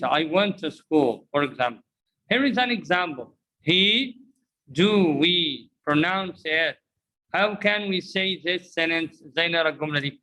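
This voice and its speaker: A man's voice: high voice, lively intonation, unhurried, pushed and bright, poor audio. A man teaching English pronunciation, drilling phrases and asking learners to repeat after him, mixing in Arabic explanations. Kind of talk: interactive language lesson.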